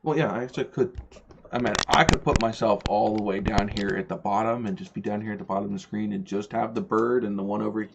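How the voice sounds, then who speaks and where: Low-voiced rambling man, lo-fi stream. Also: steady tone, quick pace, vocal fry, noisy background. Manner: rambling, stumbles and repeats words. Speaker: podcast host. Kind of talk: casual livestream chat. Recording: dull lo-fi stream audio.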